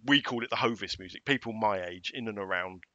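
A man's voice: lowish voice, a little fast, bright, forceful tone, no echo, lo-fi sound. A middle-aged man from England chatting casually as a podcast co-host, often tagging his remarks with questions. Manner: chatty, asks tag questions. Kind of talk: casual chat.

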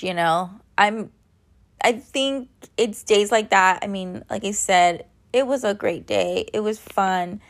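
Thirties woman rambling thru a story, lots of likes, swears a bit, kinda tired. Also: medium pitch. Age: 30s. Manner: chatty, rambling, many "like" fillers; blunt, with casual swearing. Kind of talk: casual storytelling monologue.

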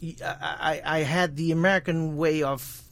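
Dutch-accented male guest voice actor, halting conversational delivery, slightly higher pitch. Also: steady tone, gravelly, a bit bright, no echo. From Netherlands. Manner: halting, many restarts and repeated words. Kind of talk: casual interview chat.

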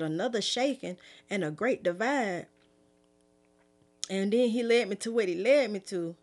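Middle-aged woman preacher, easygoing and conversational. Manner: fervent, pleading, raised pitch at first; relaxed conversational afterword. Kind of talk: prophetic sermon, then casual talk.

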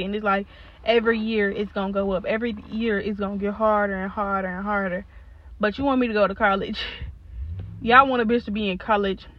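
A woman's voice: medium pitch, highs cut off. A young woman hosting a solo podcast, venting in a blunt, profane, exasperated way, laughing now and then. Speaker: podcast host.

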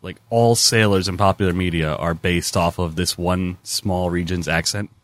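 A man with a fairly low voice co-hosts a casual movie podcast. He chimes in with dry, deadpan wisecracks and short remarks. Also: normal speed, dry recording.

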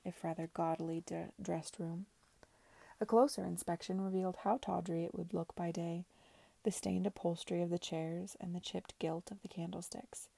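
Soft-voiced woman reading a novel aloud. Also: on the low side, creaky, no room sound. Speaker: reader.

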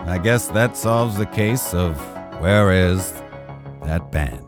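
A man co-hosting a podcast in casual, rambling chat, self-deprecating and relaxed. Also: low voice, takes it slowly, music in the background. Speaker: podcast co-host.

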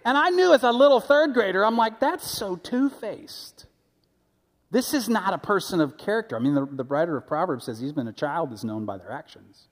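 A man with a fairly high voice preaches in a relaxed, chatty way, telling stories and often restarting mid-sentence. His words ring with a long reverb from a church sanctuary. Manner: conversational, animated storytelling with frequent restarts. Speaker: pastor. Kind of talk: sermon.

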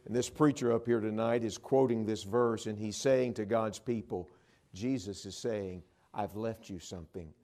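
A man preaching a sermon, telling stories and swinging between loud emphatic lines and hushed ones. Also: fairly low pitch, steady tone, moderate pace.

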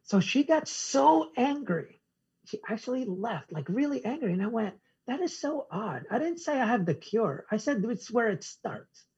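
Husky man telling a story. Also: extremely high pitch, sing-song, moderate pace, darkish tone, muffled recording. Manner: acts out conversations in quoted dialogue. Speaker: podcast guest. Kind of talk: casual storytelling interview.

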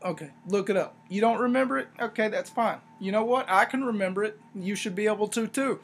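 A man hosting a wrestling review podcast, talking casually in a rambling, sarcastic way with animated asides. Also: high voice, brisk, slight background noise. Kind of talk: casual solo review talk.

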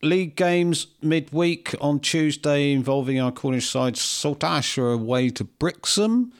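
A man co-hosting a casual local football chat, reading out fixtures in a measured, hesitant way with frequent ums. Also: fairly high pitch, clear, resonant tone. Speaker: co-host of a local football podcast.

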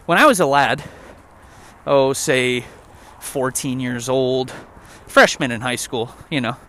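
A young vlogger walks an outdoor trail, joking and cursing his way through a rambling rant. He speaks slowly in a medium-pitched, bright, forceful voice.

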